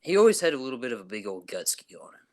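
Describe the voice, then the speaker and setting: A man's voice: mid-range voice, sing-song, rapid-fire. A young man co-hosting a casual podcast, chatting loosely in laid-back, rambling banter. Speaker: podcast co-host. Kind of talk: casual chat.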